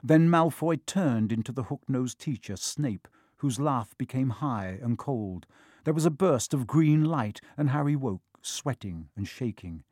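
A man narrating a children's fantasy novel in a steady, expressive audiobook reading. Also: medium pitch, measured pace, no echo, studio quality.

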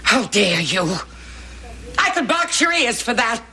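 A woman's voice: fairly high pitch, takes it slowly, a little hiss or hum, full character voice. An actress playing an older woman, a pushy, doting neighbor who teases and feeds her guests, in a sitcom. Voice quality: animated, teasing delivery. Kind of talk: sitcom acting.

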